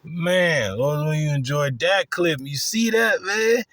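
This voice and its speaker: A man preaching scripture in raw street talk, blunt and heated, cursing freely between verses. His voice sits a bit high for a man and the recording is dry and close. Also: lively intonation, slow, fairly bright tone, no room sound, faint music behind. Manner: blunt, crude and heated, with many fillers. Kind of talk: profane street-style scripture teaching.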